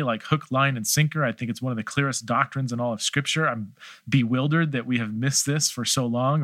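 Middle-aged guy answering listener questions, bright tone, dry close mic, lots of ums and restarts. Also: mid-range voice, no echo. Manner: thoughtful, hesitant, many restarts and fillers. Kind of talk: casual theological Q&A.

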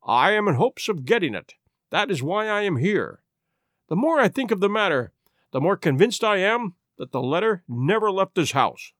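A man voicing a calm, shrewd male detective who reasons in a measured, cool way. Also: high voice, no echo, studio quality.

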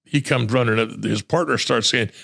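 A man's voice: medium pitch, normal speed, vocal fry, a bit bright. An older man, a retired homicide detective telling blunt, profane war stories in an interview. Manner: blunt, profane, acts out quoted voices. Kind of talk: storytelling in a podcast interview.

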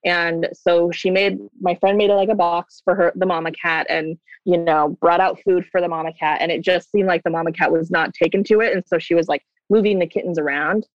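A woman's voice: lowish voice, fairly even intonation, a little fast, hardly any pauses, dry recording. Chatty woman on a dull dry line. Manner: chatty, rambling, with many fillers. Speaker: guest. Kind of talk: casual interview chat. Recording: dull, dry remote recording.

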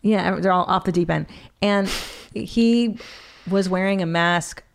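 A woman's voice: lowish voice, unhurried, vocal fry. A woman hosting a podcast in a casual chat, talking freely, swearing and laughing along. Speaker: podcast host.

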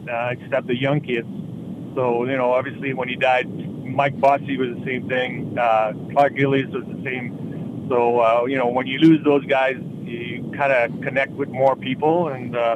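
A man, a former hockey player and interview guest who talks haltingly, with many fillers. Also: mid-range voice. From Quebec City, Canada. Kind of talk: casual interview chat. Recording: muffled with background noise.

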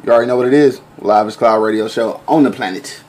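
A man's voice: mid-range voice, fast, a little mellow. A man hosting a live radio show, chatting in loose, slangy banter. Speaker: host. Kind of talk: casual radio show chat.

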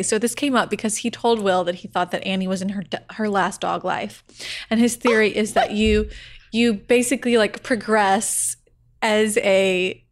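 Storytelling woman podcaster. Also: mid-range voice. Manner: animated storyteller, quick asides. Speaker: podcast co-host. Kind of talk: casual chat.

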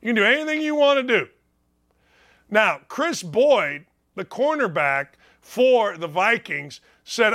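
A middle-aged man hosts a sports talk show in a high, sharp, bright voice that cuts through. He speaks slowly with lively intonation, brash and mocking, offering opinionated sports talk throughout and repeating the same punchlines and jabs.

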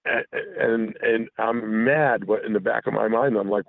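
A man calls in to a talk show by phone, rambling through a frank personal story with restarts and profanity. His lowish voice has vocal fry and fairly even intonation at normal speed, dry and tinny.

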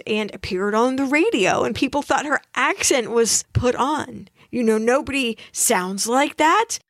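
A woman co-hosting a casual history podcast, telling the story with expressive asides. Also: fairly high pitch, no room sound, clean studio sound. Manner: expressive storyteller, reads quotes aloud. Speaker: podcast co-host.

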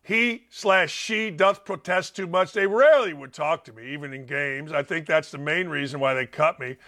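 Older male sports radio host; high, bright tone; blunt, animated storyteller. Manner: blunt, animated storyteller who acts out quotes. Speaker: sports talk show host. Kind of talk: opinionated sports radio talk.

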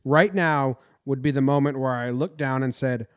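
A man's voice: mid-range voice, normal speed, hardly any pauses. A man from New Jersey hosting a casual sports podcast, rambling and venting his frustration. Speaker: podcast host.

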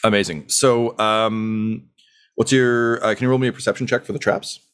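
A man's voice: lowish voice, steady tone, moderate pace, a little hiss or hum. A man narrating a tabletop game as game master, loose and rambling with lots of fillers.

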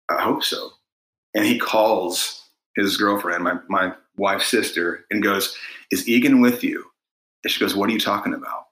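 A middle-aged man, a guest singer-songwriter, tells a story in a relaxed interview, voicing the people in it as an animated storyteller. His voice is lowish, and the recording is rough and full of reverb.

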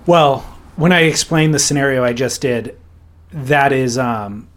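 A middle-aged man hosting a surf podcast, telling stories in a relaxed, chatty way. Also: medium pitch, a little slow. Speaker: podcast host. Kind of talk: casual podcast chat.

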